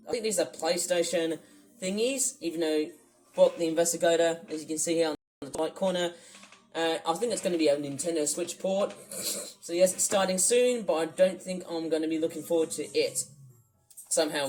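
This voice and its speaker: A man from the UK rambling through a livestream commentary, wordy and repetitive, swinging between loud bursts and low mutters. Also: poor audio. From United Kingdom. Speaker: YouTuber. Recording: faint music under the voice. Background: music playing.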